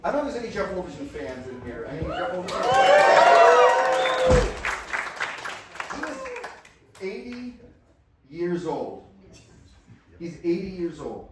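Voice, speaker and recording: A man's voice: high-pitched, huge pitch swings, unhurried, long pauses, over loud music. A man doing a playful, self-mocking stand-up set, often laughing through his own lines. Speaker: stand-up performer. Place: large hall with live audience. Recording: echoey hall, far from mic, live crowd.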